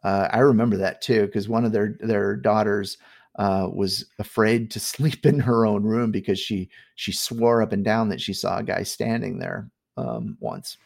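A middle-aged man casually telling a spooky family story on a podcast, animated and full of fillers. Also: fairly low pitch, normal speed, creaky. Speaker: guest storyteller.

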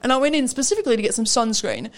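Lively high-voiced Australian woman. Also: racing. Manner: animated, laughs often, acts out dialogue. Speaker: radio show co-host. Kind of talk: casual storytelling chat.

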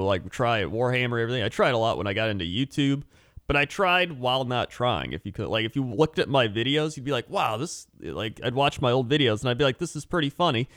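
A man's voice: medium pitch, fairly bright tone, dry recording, studio quality. A man co-hosting a casual podcast chat, rambling through stories with lots of "like" and frequent laughter. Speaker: podcast co-host.

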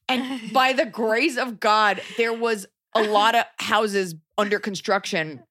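A woman's voice: on the high side, slow pace, few pauses, no room sound, studio quality. A woman in her thirties co-hosting a podcast, telling a story in casual chat and acting out the voices of the people in it. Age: 30s. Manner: animated storytelling, acts out voices. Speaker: podcast co-host.

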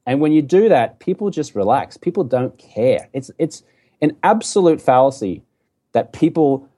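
A middle-aged Australian man, a podcast guest, talking in an animated, joking and emphatic way. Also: mid-range voice, normal speed. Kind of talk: casual podcast conversation.

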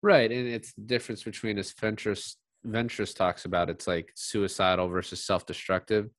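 A man co-hosting a casual podcast chat about a film, blunt and animated, often swearing and quoting scenes. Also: fairly low pitch, normal speed, dry recording. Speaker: podcast co-host.

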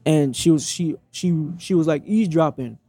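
A man's voice: fairly high pitch, normal speed, dark tone. A young man telling a personal story in blunt, profane casual talk, acting out the dialogue as he goes.

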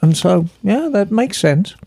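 Gravelly-voiced man chatting casually. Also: high-pitched, lively intonation, measured pace, mellow, dry recording, clean studio sound. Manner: chatty, rambling storyteller. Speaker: podcast co-host. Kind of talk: casual chat.

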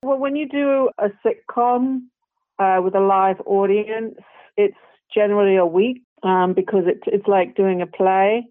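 A woman's voice: medium pitch, dry recording. British actress rambling on about her work, lots of "you know", sounds thin like a phone call, dry. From Britain. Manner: chatty and rambling, full of "you know" and restarts, quick to laugh. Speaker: guest actress. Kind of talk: casual interview chat.

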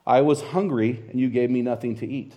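A middle-aged American man preaching a sermon, telling a story in a lively, conversational way and quoting scripture. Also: medium pitch, a little fast. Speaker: pastor.

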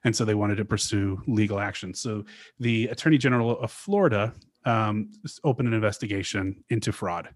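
A man's voice: lowish voice, brisk. A man co-hosting a podcast in casual chat, telling a story in a laid-back way with fillers and chuckles. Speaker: podcast co-host.

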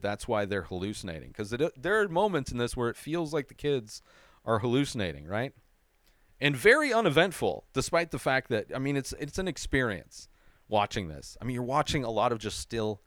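A man hosting a movie review show, talking in an excitable, casual way, swearing freely and often asking "right?". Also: mid-range voice, no room sound.

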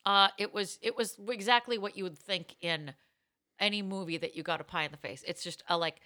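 A woman's voice: mid-range voice, brisk, pushed and bright. A woman co-hosting a podcast, chatting in a jokey, giggly way. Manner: giggly, jokey, puts on bits. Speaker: podcast co-host. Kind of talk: casual comedic chat.

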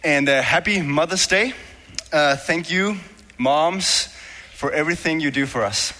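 Speaking a little slowly in a slightly high, bright, forceful voice, a young Danish man with a Danish accent preaches as a guest in a church hall. The long hall reverb carries slight background noise, and his sermon is conversational, jokey and self-deprecating.

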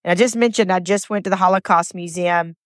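A woman's voice: fairly low pitch, fairly even intonation, fast, no echo. Earnest woman, dry close mic. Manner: emotional, earnest, stumbles and repeats words. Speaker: podcast host. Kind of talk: heartfelt solo podcast monologue.

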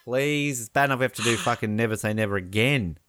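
A man's voice: medium pitch, fast talker, a bit bright, dry recording, clean studio sound. A man co-hosting a podcast in casual chat, rambling with fillers and laughs. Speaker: podcast co-host.

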